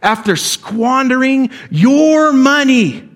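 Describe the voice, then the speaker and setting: Dude doing the older son, bitter and hurt, drawn-out slow complaining, like he's been holding it in for years and it's all coming out at once. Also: sits high, expressive. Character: resentful responsible older son, young man.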